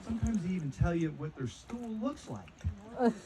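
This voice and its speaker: Man in his 50s, amateur stand-up. Dry self-deprecating delivery, lively swinging pitch, crowd laughing throughout. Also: normal speed, rough recording. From North Carolina. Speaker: amateur stand-up comic, a physician. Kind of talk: stand-up comedy routine. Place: wedding party venue.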